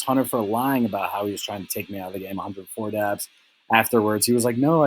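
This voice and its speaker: Husky young man, teasing casual ramble. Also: lowish voice, rough recording. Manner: teasing, lots of "like" and "um" fillers. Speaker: fantasy football recap host.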